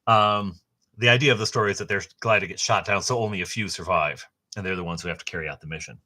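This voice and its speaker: A middle-aged man hosting a casual book unboxing, rambling and enthusiastic, with a halting way of talking. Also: sits low, sharp tone. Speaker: host.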